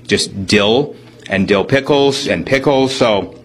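This is a man with a fairly low voice, talking casually on the radio. He keeps up a chatty running account of each thing he does as he eats. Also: slow pace, slightly rough. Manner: chatty, narrating what he does while eating. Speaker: radio host tasting fair food. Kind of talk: casual on-air chat.

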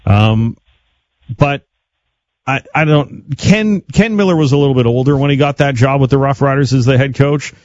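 Friendly radio host, dull line. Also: male voice, mid-range voice, moderate pace, a little mellow, dry recording. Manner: friendly, joking questions. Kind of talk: casual radio interview.

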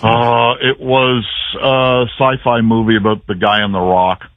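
A man's voice: medium pitch, level tone, measured pace, dry recording. A man who is a team's play-by-play broadcaster, telling stories as a guest on a radio show in a casual, chatty way full of restarts. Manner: chatty storyteller, many restarts and fillers. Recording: dry phone line.

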